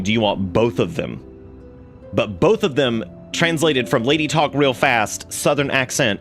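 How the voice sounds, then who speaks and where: A man's voice: medium pitch, fairly bright tone. A man streaming a video game, telling rambling, laughing stories with many restarts and asides. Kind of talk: casual gameplay commentary.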